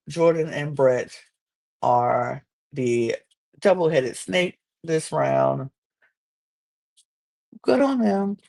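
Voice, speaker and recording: A woman hosting a podcast, chatting casually and animatedly about a reality show, sometimes acting out people in high squeaky voices. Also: creaky, darkish tone. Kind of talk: casual chat.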